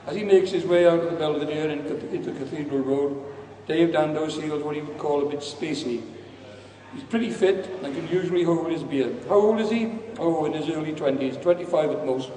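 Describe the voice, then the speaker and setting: A man's voice: a little high, a little fast, mellow. A man giving a live public reading of his own story, wry and earthy. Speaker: author reading his work. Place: large performance venue. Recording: echoey hall from far off, faint hum.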